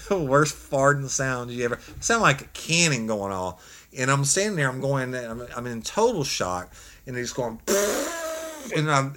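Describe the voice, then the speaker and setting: A man, a former police officer telling a story in an animated, folksy way, laughing as he goes. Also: mid-range voice. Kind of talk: casual storytelling chat.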